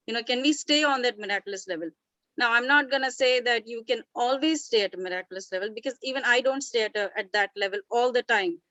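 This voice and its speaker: Female session leader, earnest and chatty, slightly high, dry close recording. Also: a bit bright, no room sound, low-quality recording. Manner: earnest, chatty, frequent restarts. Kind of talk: casual storytelling talk.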